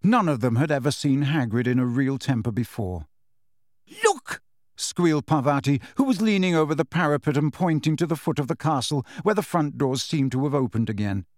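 Dry, clean studio audio captures a mid-range male voice reading scripted audiobook narration. He keeps it measured while staying expressive.

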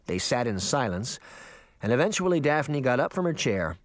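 A man narrating an audiobook with expressive, dramatic storytelling. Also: medium pitch, normal speed, no echo, studio quality. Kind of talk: audiobook reading.

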